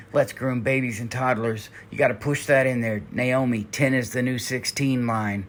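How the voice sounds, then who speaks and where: A man's voice: mid-range voice, slight background noise. A man hosting a commentary vlog, ranting in a heated, exasperated and profane way. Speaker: commentary channel host. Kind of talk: angry commentary rant.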